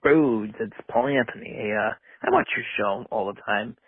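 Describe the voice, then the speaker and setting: A man's voice: fairly low pitch, normal speed, creaky, slightly rough, dry recording. A male caller phoning in to a sports talk show, speaking in a downcast, hesitant way with many fillers. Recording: tinny phone line.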